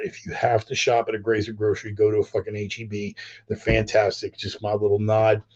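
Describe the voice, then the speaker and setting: Foul-mouthed low-voiced man ranting. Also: muffled recording. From California. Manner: blunt, heavy swearing, animated asides. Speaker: podcast host. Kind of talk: profane rambling rant.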